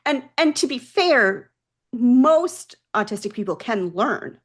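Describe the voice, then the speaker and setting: A woman's voice: a little high, big pitch swings, slow. A woman guest on a podcast, a mental health practice founder, explaining things earnestly in a casual interview.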